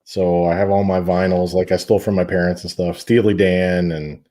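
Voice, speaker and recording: Male podcast guest, low and mellow, easygoing, friendly. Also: flat delivery, normal speed. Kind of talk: casual podcast chat. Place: home in Ireland, remote call.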